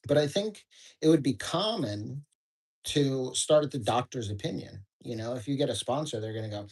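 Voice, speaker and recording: A man's voice: medium pitch, animated, normal speed, vocal fry, a little mellow, husky, rough recording. Laid-back man reading and riffing. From United States. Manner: casual, rambling, swears freely, many fillers. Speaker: host of a daily book study. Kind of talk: reading aloud with casual commentary.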